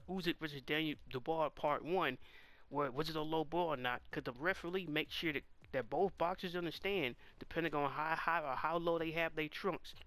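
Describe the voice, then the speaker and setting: A man's voice: on the high side, fairly bright tone, smooth. A man giving casual commentary on a comic chapter, exasperated and firing off rhetorical questions. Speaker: manga reaction host.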